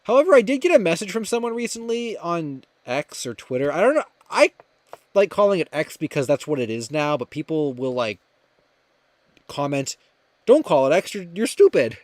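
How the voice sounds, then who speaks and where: This young livestream host has a slightly high, very animated voice at a normal speed, recorded with no room sound. He chats casually, reads viewer comments aloud, and rambles with lots of fillers and restarts.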